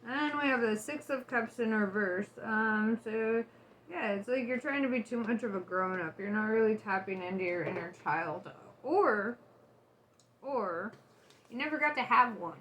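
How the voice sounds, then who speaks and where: High-voiced woman doing a casual tarot reading. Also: moderate pace, fairly bright tone, slight background noise. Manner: candid and loose, swears and laughs often. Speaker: tarot reader.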